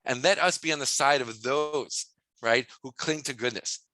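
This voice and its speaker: A man teaching as a rabbi, in a lively way, full of rhetorical questions. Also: medium pitch, normal speed, no room sound, poor audio. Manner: animated, asks many rhetorical questions.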